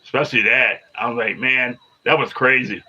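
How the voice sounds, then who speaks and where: A man's voice: mid-range voice, normal speed, pushed and bright, husky, dull audio. A man in his fifties chatting live with viewers, repeating himself and arguing back at commenters. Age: 50s. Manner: repetitive, restarts phrases, argues back at commenters. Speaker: livestreamer. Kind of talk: casual live-stream chat with viewers.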